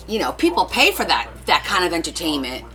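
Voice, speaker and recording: A woman's voice: lowish voice, bright, forceful tone. A woman hosting a casual crafting live stream, chatting and joking with viewers and laughing often. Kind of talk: casual chat while crafting, reading viewer comments.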